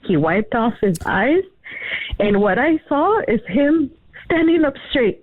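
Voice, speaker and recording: Phone-in caller, woman, earnest and halting, tinny dry line. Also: fairly high pitch, big pitch swings, no echo. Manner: earnest, emotional, halting retelling with many fillers. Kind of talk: telling a personal story on a radio call-in.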